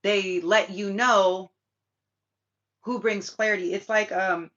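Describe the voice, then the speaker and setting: A woman with a sharp, bright voice delivers a spiritual talk in a loose, rambling way. She swears freely and leans on fillers as she circles her point. The recording is dull and lo-fi. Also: medium pitch, steady tone, slow. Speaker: spiritual reader and channel host. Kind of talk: casual spiritual monologue. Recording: dull lo-fi sound.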